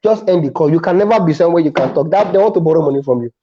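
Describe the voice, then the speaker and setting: A man with a Nigerian accent, a comedian chatting as a guest and telling stories with animated restarts. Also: a little high, very fast, lo-fi sound. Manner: animated storytelling with frequent restarts. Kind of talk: casual interview chat.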